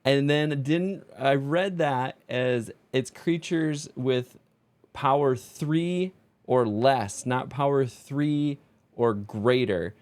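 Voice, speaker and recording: Male streamer, card game voice-over commentary, self-mocking, salty and profane, medium pitch. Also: slow pace, darkish tone. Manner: self-mocking, exasperated, swears freely.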